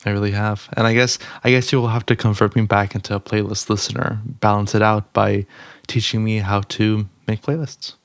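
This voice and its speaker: Low-voiced young man, dry close mic. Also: level tone, no echo. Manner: upbeat, laughs often, quick asides. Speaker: podcast co-host. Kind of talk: casual chat.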